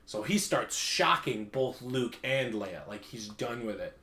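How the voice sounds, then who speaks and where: A man's voice: medium pitch, measured pace. A man retelling a comic story on a casual podcast, laughing often and acting out the characters' lines. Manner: animated retelling, laughs often, acts out quotes in raised voices. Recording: roomy echo.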